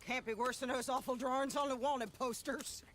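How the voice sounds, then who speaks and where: A weary fugitive from a video game, long on the run and wry about it. His voice sits very high and sounds bright. He talks in a resigned drawl. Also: steady tone, moderate pace, a little hiss or hum. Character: weary middle-aged male fugitive, wry. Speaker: game character.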